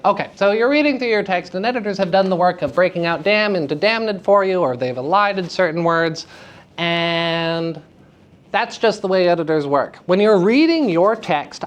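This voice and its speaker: A woman lecturing students on acting. She is lively and theatrical, laughs often and asks them questions. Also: lowish voice. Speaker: acting teacher giving a lecture. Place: school theater festival session.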